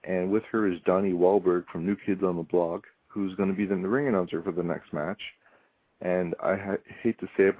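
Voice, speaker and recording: A deep-voiced man talks through a casual solo review, rambling with lots of ums and dry, wry asides. His voice comes through a tinny, phone-like line. The sound is flat and dead, with no room around it. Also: dry recording. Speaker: podcast host reviewing wrestling.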